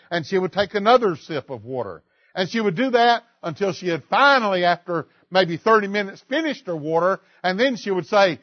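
Guy preaching, high voice swinging all over, kinda muffled lo-fi sound. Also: lively intonation, dry recording. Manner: storytelling, then rising and slowing for emphasis on key lines. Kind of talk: sermon.

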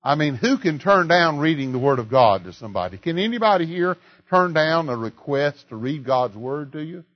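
A male preacher with a high, very animated voice that climbs and slows on the big lines. The recording is close and dry, with a dull, lo-fi tone. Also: no room sound. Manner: storytelling, then rising and slowing for emphasis on key lines. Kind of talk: sermon.

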